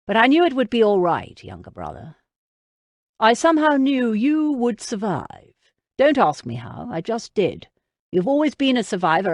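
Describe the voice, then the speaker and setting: A man's voice: high voice, no echo, studio quality. A woman voicing an earnest nobleman who reads out a heartfelt letter to his younger brother, in an audiobook.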